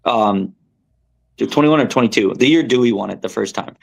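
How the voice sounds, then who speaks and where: A young man, a tournament angler, telling a story as a podcast guest in a rambling, animated way with many fillers and restarts. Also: lowish voice, moderate pace, gravelly, breathy edge. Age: young adult. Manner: animated, rambling, lots of fillers and self-corrections.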